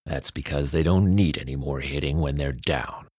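A man voicing a calm, smarmy, condescending stepfather with quiet menace in a story reading. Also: very deep voice, moderate pace, slightly rough, dry recording.

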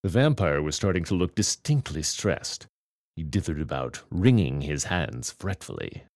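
A man's voice: very deep voice, big pitch swings, moderate pace, gravelly, a little mellow, dry recording. A man reading a humorous story aloud with dry, wry comic timing. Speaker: reader. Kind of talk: storybook narration.

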